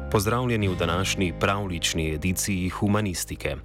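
A man hosting a show, reading a scripted narration in an even, measured way. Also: deep voice. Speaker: radio show host. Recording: music bed under voice. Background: guitar music.

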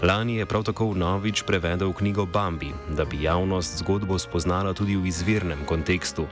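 A man hosting a show, reading a scripted narration in an even, measured way. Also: low voice. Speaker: radio show host. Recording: music bed under voice. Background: guitar music.

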